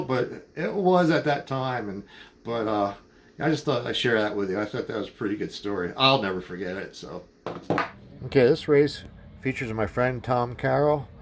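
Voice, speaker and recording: A man's voice: mid-range voice, a little hiss or hum. A man telling a casual, rambling story about his car hobby in a voice-over, full of fillers and restarts, chuckling often.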